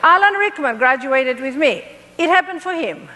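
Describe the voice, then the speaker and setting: A middle-aged woman from Greece with a Greek accent, telling her life story to an audience in an animated, playful way. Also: high voice, normal speed, big-room sound, slight background noise. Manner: animated, playful, laughs at herself. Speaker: motivational speaker.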